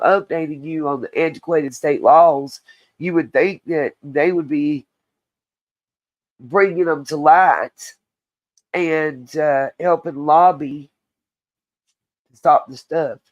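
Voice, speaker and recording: A woman's voice: deep voice, takes it slowly, long pauses, poor audio. Blunt woman ranting on a livestream. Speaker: channel host. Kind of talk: livestream commentary.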